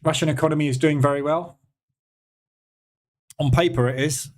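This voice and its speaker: A man's voice: fairly high pitch, fairly even intonation, moderate pace. A man with a British accent hosting a live trading room, chatting casually and sarcastically while answering viewer comments. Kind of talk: casual live-stream chat.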